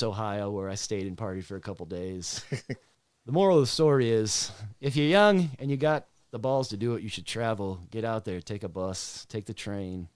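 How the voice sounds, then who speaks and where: A man's voice: lowish voice, clear, resonant tone, dry recording. A man who writes and sings his own songs, a podcast guest telling a story in a laid-back, casual way and swearing freely. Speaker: guest singer-songwriter.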